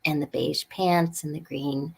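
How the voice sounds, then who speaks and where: Excitable lady guest rambling on a podcast, lowish voice. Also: unhurried, creaky, breathy edge. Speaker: guest actress. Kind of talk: casual podcast chat.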